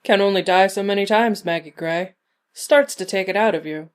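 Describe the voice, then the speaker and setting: A woman reading a story, voicing a tall, handsome male devil with a silky, teasing, quietly menacing manner. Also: mid-range voice, normal speed, lightly acted. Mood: sly.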